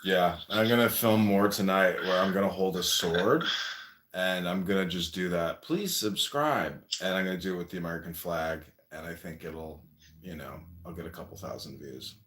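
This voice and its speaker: Low-voiced man hosting a joking livestream. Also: flat delivery, normal speed, a bit bright, reverberant. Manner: joking, offhand, clears throat often. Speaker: host. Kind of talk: casual livestream chat.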